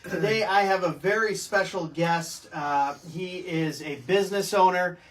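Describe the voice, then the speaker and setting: A man hosting a business talk show, introducing his guest in an upbeat, halting way. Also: high voice, a bit bright, distant mic, low-quality recording. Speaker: host. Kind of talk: casual chat, show intro.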